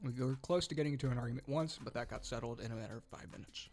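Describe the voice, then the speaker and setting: A man's voice: medium pitch, very fast, darkish tone, faint music behind. Man talking through burning hot wings. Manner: strained, breathless from spicy food. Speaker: youth group co-host. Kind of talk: casual hot wing challenge chat.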